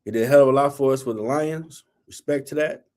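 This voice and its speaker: A man's voice: medium pitch, quick pace, darkish tone. A man hosting a sports talk show, ranting in a blunt, heated, colloquial way and scolding teams and players. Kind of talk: opinionated sports rant.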